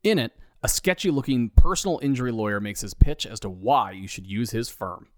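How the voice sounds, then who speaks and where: A man's voice: medium pitch, expressive, brisk, dry recording. A man narrating a comedy story in a dry, wry storytelling manner.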